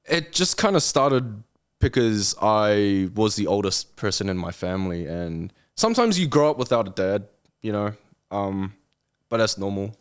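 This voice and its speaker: A young man in his twenties with a somewhat low voice speaks as a podcast guest. He talks earnestly and with motivational drive, sometimes acting out lazy excuses in exaggerated voices. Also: very animated, moderate pace, clear, resonant tone. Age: 20s. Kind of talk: casual interview chat.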